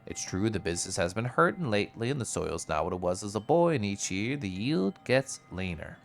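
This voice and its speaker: A man voicing a weary village farmer who grumbles and drops to a hushed, secretive tone. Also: lowish voice, very animated, fairly quick, gravelly, pitched below the performer's own voice. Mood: grumbling. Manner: hushed, conspiratorial.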